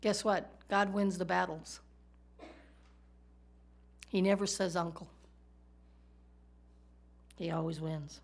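A woman delivers a sermon with a somewhat low voice. She talks in a conversational way and keeps turning to her listeners with rhetorical questions. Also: fairly even intonation, takes it slowly, long pauses. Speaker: Bible teacher.

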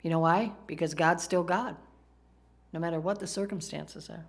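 A woman's voice: on the low side, steady tone, moderate pace, gravelly. A woman preaching a sermon, talking conversationally and asking the congregation questions. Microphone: microphone, PowerPoint slides in a church.

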